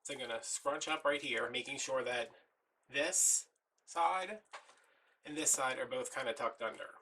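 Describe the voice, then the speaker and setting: A man's voice: medium pitch, unhurried, pushed and bright, recorded from a distance, a little hiss or hum. A man, a little out of breath, chatting casually while walking through a craft step by step. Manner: chatty, folksy, talks while working. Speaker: craft tutorial host.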